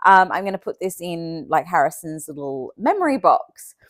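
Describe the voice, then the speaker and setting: Young woman, home vlogger, chatty and expressive, close dry mic. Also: lowish voice, moderate pace, dry recording. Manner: chatty, many fillers and likes, laughs often. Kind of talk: casual chat to camera.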